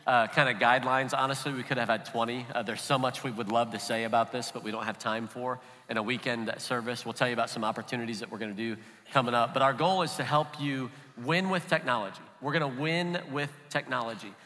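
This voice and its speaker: A man pastor giving a sermon in a relaxed, conversational way. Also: medium pitch, quick pace, big-room sound. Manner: relaxed and conversational, with light laughs. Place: church auditorium.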